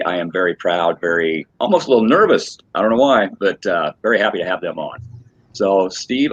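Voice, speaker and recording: A man's voice: fairly low pitch, fairly bright tone, no room sound. A man hosting a live paranormal talk stream, chatting casually and laughing easily with his guests. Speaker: host of a paranormal live show. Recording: dull lo-fi stream audio.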